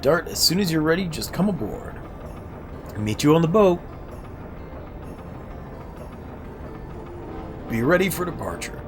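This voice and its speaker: A man with a sore throat voicing a friendly, grown sailor who warmly invites a young hero to sea and says goodbye. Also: on the high side, sing-song, a little fast, soft background music, pitched above the performer's own voice. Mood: cheerful. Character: friendly grown male sailor bidding farewell.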